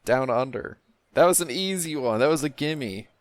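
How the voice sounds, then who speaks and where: A man's voice: a little high, animated, fairly quick, dry recording. A man co-hosting a podcast, telling blunt, crude jokes and stories. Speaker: podcast co-host. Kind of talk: crude comedic banter.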